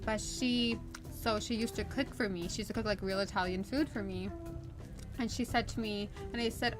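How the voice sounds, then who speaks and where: A woman's voice: medium pitch, a little fast, music in the background. An American woman chatting casually while she streams a game, rambling, restarting her sentences and laughing often. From United States. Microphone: desk USB condenser mic.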